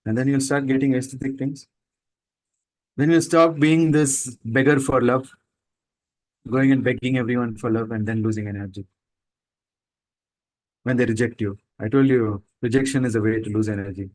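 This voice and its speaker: A man's voice: medium pitch, steady tone, darkish tone, low-quality recording. A man giving a spiritual talk to students, emphatic and full of rhetorical questions. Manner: mocks people with quick put-on voices. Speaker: spiritual teacher.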